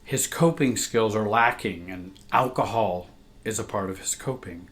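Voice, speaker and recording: A man's voice: fairly low pitch, a little slow, fairly bright tone, a little hiss or hum. A man, a family coach, reading a painful personal story aloud in a somber, reflective way.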